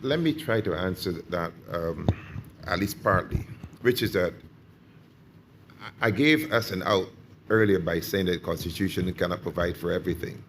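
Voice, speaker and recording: Low gravelly man in his sixties. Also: moderate pace, a little hiss or hum. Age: 60s. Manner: hesitant, repeats words and fills with um. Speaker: panel chair at a public consultation. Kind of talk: public meeting discussion.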